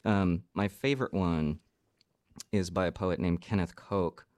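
A man's voice: deep voice, measured pace, no echo. A man who makes radio and writes poetry, chatting animatedly and reading short poems aloud in a studio. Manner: animated, indignant about the poem. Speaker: radio producer and poet. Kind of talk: casual chat and poetry reading.

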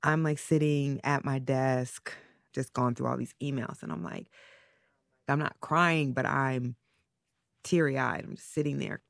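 A woman being interviewed as a parent, talking candidly and haltingly, often trailing off as she searches her feelings. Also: rumbling low, creaky, no echo, studio quality.

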